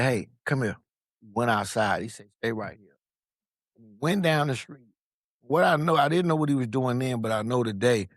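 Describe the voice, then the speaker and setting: Animated man telling his story, dry sound. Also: medium pitch, dry recording. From Long Beach, California. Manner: animated, profane, acts out quoted voices. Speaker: podcast guest. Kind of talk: casual storytelling.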